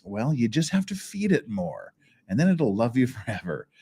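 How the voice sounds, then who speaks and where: A man's voice: medium pitch, huge pitch swings, moderate pace, mellow, slightly rough. A man hosting a casual livestream chat, reading viewer messages with frequent laughs, restarts and a rambling manner. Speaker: channel host.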